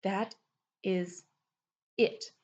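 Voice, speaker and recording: A woman's voice: medium pitch, steady tone, very slow, highs cut off, slight background noise. A woman voicing an angry fawn-folk healer who scolds in an indignant way.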